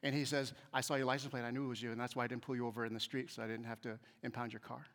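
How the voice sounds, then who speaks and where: A man giving a humorous storytelling talk to an audience, acting out the voices of people in his stories and swinging between quiet asides and loud emphasis. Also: mid-range voice, racing. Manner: animated, acts out quoted voices, shifts between soft asides and loud emphasis. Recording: long hall reverb.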